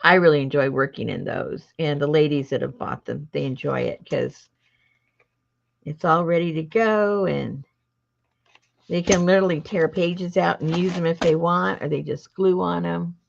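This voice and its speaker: A woman's voice: low voice, moderate pace, creaky, lo-fi sound. A woman hosting a casual crafting livestream, chatting in a rambling, self-interrupting way. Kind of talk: casual chat while crafting.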